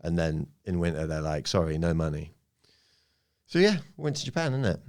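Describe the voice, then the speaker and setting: A man's voice: deep voice, very animated, moderate pace, a little mellow. A young man in casual podcast chat, telling rambling, self-mocking stories into a studio microphone. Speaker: guest comedian.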